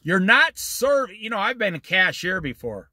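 A middle-aged man whose voice sits high leads a relaxed Bible study, recorded at studio quality without echo. He tells his stories in a folksy, animated manner, slowing down to stress key words emphatically.

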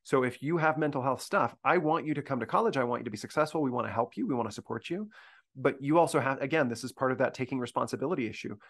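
A man's voice: mid-range voice, fast talker. A man briefing university faculty in a conversational discussion, earnest and thinking aloud with frequent restarts.

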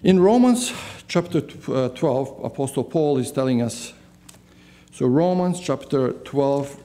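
A man's voice: medium pitch, lively intonation, measured pace, dark tone. A man preaching a sermon as pastor in a church. He asks the congregation questions and then answers them himself. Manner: answers his own questions.

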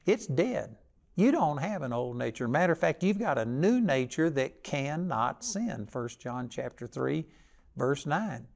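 A man's voice: on the high side, sing-song, measured pace, vocal fry, a little mellow. An older man preaching a sermon with folksy stories and a plain, conversational delivery.

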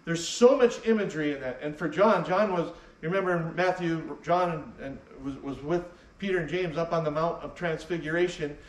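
A man's voice: on the high side, brisk, hardly any pauses, reverberant, far from the mic, poor audio. A man preaching a sermon as pastor, emphatic and repeating key phrases for weight. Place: church sanctuary.

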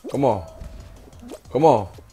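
A man's voice: mid-range voice, expressive, takes it slowly, dark tone, breathy edge, faint music behind. A young man hosting a gaming channel, giving hyped let's-play commentary, trash-talking and chanting catchphrases while he plays.

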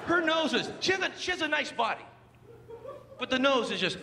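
High, animated stand-up comedian, live. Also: male voice, brisk, creaky, long reverb tail, very noisy. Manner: animated, laughing through stories, voice-switching. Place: comedy club stage. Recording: live club recording with loud crowd.

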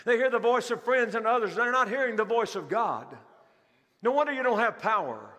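A man's voice: extremely high pitch, animated, brisk, a bit bright. A male pastor preaching a sermon to a congregation, asking rhetorical questions and repeating key phrases. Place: large church hall. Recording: long hall reverb.

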